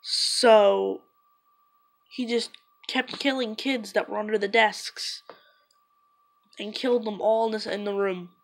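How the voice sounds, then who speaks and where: A woman talks straight to her camera in a casual, rambling way, leaning on "like" as she goes. Her voice sits at an ordinary middle pitch. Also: fairly even intonation, slow, long pauses. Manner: rambling, loose, full of "like". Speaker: vlogger.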